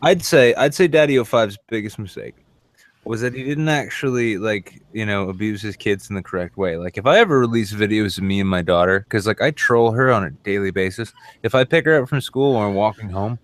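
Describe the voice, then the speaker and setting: A man's voice: on the low side, brisk, no room sound. A man in casual stream chat, joking and telling stories. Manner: joking, storytelling with acted quotes. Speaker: stream guest.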